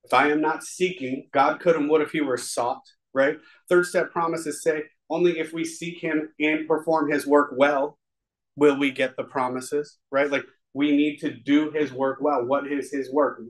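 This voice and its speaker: At a recovery meeting, a man with a fairly high, fairly even voice gives a personal testimony at an unhurried pace on a rough recording. His talk is earnest, confessional and rambling, conversational and full of fillers.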